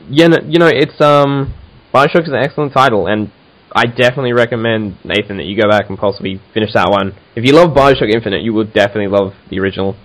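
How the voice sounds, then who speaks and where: A man's voice: fairly low pitch, poor audio. A man hosting a casual podcast chat, talking with enthusiasm and many fillers and restarts. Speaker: podcast host.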